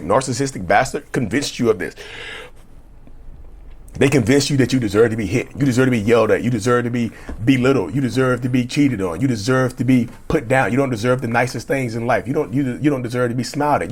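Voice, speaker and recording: A man's voice: mid-range voice, slightly rough. A middle-aged man speaking as a relationship coach, giving emphatic, repetitive, blunt motivational talk with cussing.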